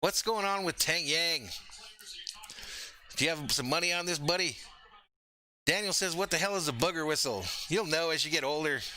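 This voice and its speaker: Man, fan streamer, high bright voice, hyped play-by-play, light hiss behind. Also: moderate pace, pauses often, rough recording. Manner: excitable, jokey, hyping plays. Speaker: fan streamer doing live game play-by-play. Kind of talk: casual live play-by-play with chat reading. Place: home streaming setup.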